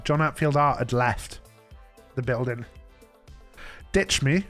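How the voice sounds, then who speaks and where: A man's voice: medium pitch, slow, long pauses, a bit bright, faint music behind. A male streamer telling rambling anecdotes in casual chat, laughing and breaking off his own sentences.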